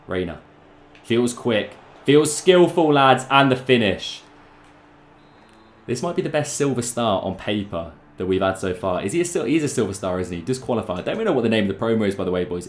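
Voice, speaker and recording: A young man giving excitable, chatty commentary over his own football video game match, talking straight to his viewers. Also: mid-range voice, roomy sound. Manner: excitable, chatty, keeps addressing the lads. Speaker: gaming YouTuber. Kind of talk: live gameplay commentary.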